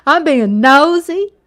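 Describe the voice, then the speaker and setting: Chatty woman livestream host, slow and high. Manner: chatty, laughing, reads chat aloud, drops to hushed whispers. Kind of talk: casual livestream chat with viewers. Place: home, at night.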